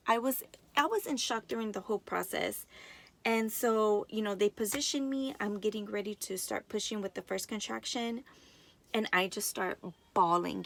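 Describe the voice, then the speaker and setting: Chatty young woman with a gravelly edge. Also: medium pitch. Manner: chatty, excited, keeps addressing viewers directly. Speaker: vlogger. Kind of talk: casual storytelling to camera.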